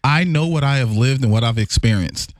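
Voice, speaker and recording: A man's voice: medium pitch, a little fast, no echo, studio quality. A man co-hosting a radio show, earnestly telling personal stories in casual chat. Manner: animated storyteller, earnest. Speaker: radio co-host.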